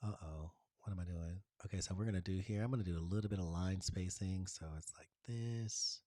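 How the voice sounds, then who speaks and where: A man's voice: deep voice, brisk, mellow, no echo, studio quality. A man hosting a casual design tutorial, chatting to viewers in a gushing, playful way. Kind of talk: casual screen-share tutorial.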